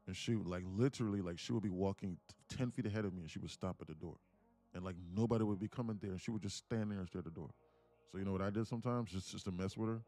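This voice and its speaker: A livestream host who day trades chats casually on stream in a low, mellow voice. He rambles, laughs through his stories, and uses many fillers.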